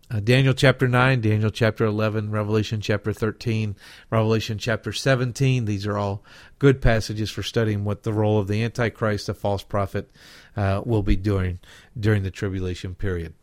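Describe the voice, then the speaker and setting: A man's voice: mid-range voice, dry recording, studio quality. A man with a Southern US accent, hosting an unscripted Bible prophecy Q&A podcast and answering listener questions, meandering and circling back to restate passages.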